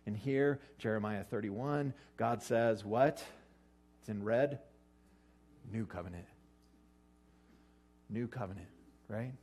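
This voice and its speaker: A man preaching a casual, joking sermon, acting out quotes with sudden jumps in pitch. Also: slow pace, pauses often, a little mellow. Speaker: pastor. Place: church or hall with an audience eating lunch.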